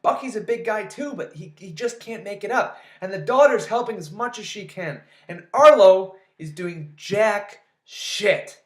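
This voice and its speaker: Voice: medium pitch, animated, a little slow, few pauses. Sarcastic, ranting movie recapper in an echoey room. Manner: sarcastic, exasperated, swears freely. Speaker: movie reviewer. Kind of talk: casual movie recap rant.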